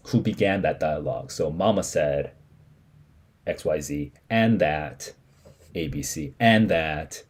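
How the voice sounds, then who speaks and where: A man walks through a short story passage line by line, pausing to explain as he goes. His voice is husky and mellow, with a pitch that rises and falls a lot, and he thinks aloud with plenty of fillers and restarts. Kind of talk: live reading reaction.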